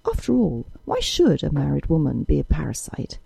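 Audiobook role: a woman doing a calm, proud young woman, cold and measured, with a lilting, husky tone. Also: deep voice, no room sound, heavily acted. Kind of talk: audiobook character reading.

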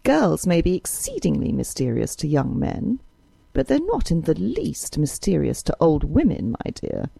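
A woman reading an audiobook, voicing a sharp-tongued older aunt who talks in a dry, scolding way. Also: low voice, wildly swooping pitch, normal speed, gravelly, husky, no room sound, heavily acted.

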